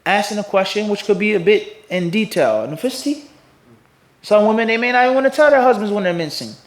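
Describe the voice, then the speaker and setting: A man with a fairly high voice gives an Islamic lecture, pausing to ask his listeners rhetorical questions. He slips into sarcastic mimicry of the people he criticizes. The room around him rings with echo. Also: lively intonation. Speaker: mufti teaching hadith. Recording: echoey room.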